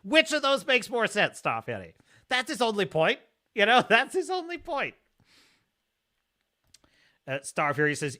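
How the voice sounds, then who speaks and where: A man hosting a live stream, reading viewer comments and ranting in an animated, laughing way. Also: a little high, a little slow. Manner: animated, ranting, laughs often, mocks pronunciations. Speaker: host.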